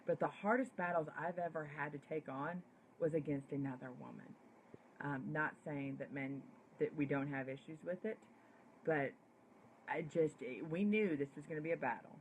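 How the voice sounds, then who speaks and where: A woman with a somewhat low voice delivers a political commentary straight to the camera. She speaks with indignation, hammering her points home through punchy repetition. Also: moderate pace, a little hiss or hum, low-quality recording. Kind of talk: direct-to-camera opinion monologue.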